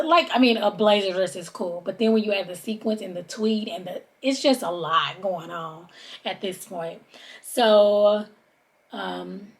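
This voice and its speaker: A woman hosting a podcast, recapping a TV episode in a casual, gossipy chat and calling her listeners "honey.". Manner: chatty, drawls "honey" and "child", mimics people in high voices. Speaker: podcast host.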